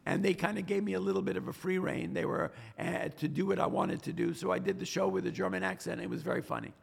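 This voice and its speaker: A middle-aged man, telling stories in an interview, animated and often restarting his words. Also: high-pitched, fast talker, creaky, husky. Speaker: podcast guest, stock trader. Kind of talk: casual interview storytelling.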